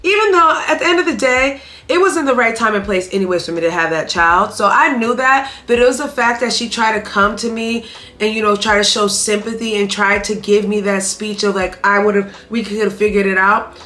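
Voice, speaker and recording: A woman's voice: fairly high pitch, brisk, pushed and bright. A young woman in her twenties telling a personal story on her vlog, candid and emphatic, talking straight to her viewers. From Haitian family. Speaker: vlogger.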